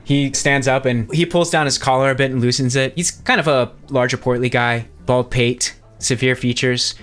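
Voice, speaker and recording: A man's voice: medium pitch, steady tone, moderate pace, a bit bright, faint music behind. A man narrating a tabletop game as game master, descriptive and wry.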